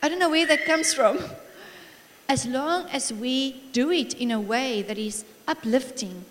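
A middle-aged woman preaching a sermon in a church hall, warm and encouraging, telling family stories with frequent laughter. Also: high-pitched, expressive, unhurried, background noise. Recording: long reverb of a large hall.

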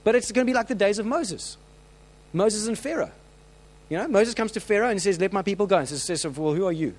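A man preaching a sermon, telling stories with lively acted-out voices and frequent restarts. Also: high-pitched, a little fast, rough recording. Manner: animated storytelling, acts out quoted voices; many restarts and filler words.

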